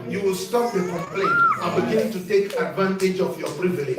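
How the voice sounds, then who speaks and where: Male bishop, sermon delivery with call-and-response and shouted peaks; very high voice, recorded far off in a reverberant hall. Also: animated, a little fast, hardly any pauses, a little hiss or hum. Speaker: bishop preaching. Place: church hall. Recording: echoey church sound from far off.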